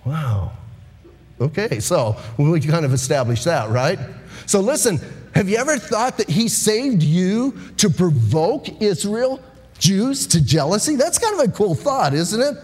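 A man preaching an evening sermon, lively and conversational, talking back and forth with his congregation. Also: high-pitched, measured pace, husky, in a large hall. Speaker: pastor. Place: church sanctuary.

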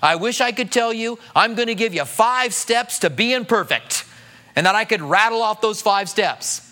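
Middle-aged pastor guy, high bright voice, chatty sermon. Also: normal speed. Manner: conversational preaching, acts out quoted voices.

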